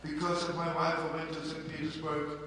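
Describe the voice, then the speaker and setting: Man, storyteller, impassioned, singsong, fairly high voice, distant, long reverb. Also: monotone, a little fast. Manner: impassioned, swings from soft to loud, singsong. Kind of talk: live storytelling with song. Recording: echoey hall from far off, noisy.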